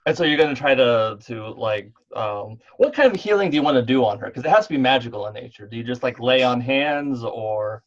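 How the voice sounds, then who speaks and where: Male game master, mid-pitched, rambling and hesitant delivery, dull online-call audio. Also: lively intonation, a little fast, hardly any pauses. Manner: rambling, lots of fillers and restarts. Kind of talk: running an online tabletop game.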